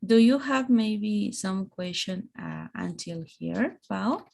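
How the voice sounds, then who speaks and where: A woman teaching English grammar in an online lesson, speaking slowly and explaining through examples. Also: medium pitch, lively intonation, vocal fry, darkish tone.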